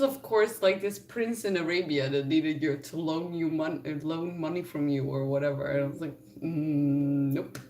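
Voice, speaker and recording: A young woman vlogging in a casual chat to camera, telling exasperated stories and laughing often. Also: fairly low pitch.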